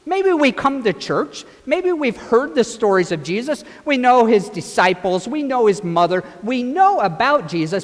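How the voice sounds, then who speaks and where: Brief: priest leading a children's gospel skit, high and very animated, long church echo. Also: male voice, normal speed, few pauses. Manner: animated storytelling, directing children. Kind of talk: children's sermon with acted gospel.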